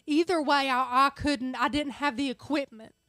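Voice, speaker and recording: A woman's voice: high voice, moderate pace, a bit bright, no echo, studio quality. A woman co-hosting a craft video, chatting casually and chiming in often. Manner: talkative, chimes in often. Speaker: craft channel co-host. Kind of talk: casual chat.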